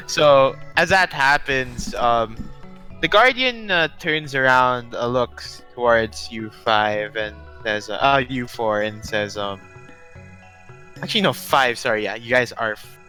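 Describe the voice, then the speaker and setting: A man's voice: medium pitch, slow pace, sharp tone, soft background music, poor audio. A man narrating as game master, rambling and correcting himself as he describes scenes.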